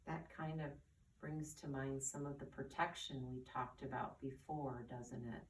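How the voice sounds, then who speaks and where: Slow, soft-spoken woman teaching children. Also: extremely low pitch, steady tone, a little hiss or hum. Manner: slow, soft and coaxing, asks the children questions. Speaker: children's catechist. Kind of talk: gentle lesson for children. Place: church classroom. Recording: roomy, distant camera audio.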